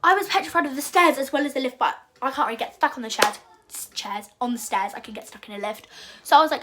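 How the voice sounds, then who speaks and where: A young woman telling a rambling, animated storytime vlog and acting out her own panicked quotes. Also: sits high, fast talker, slight background noise. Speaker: vlogger.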